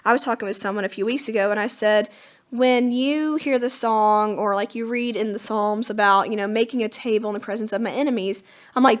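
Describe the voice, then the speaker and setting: A woman co-hosting a Bible teaching podcast, retelling scripture in a chatty, casual way with lively acted-out quotes. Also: on the high side, a little fast, gravelly.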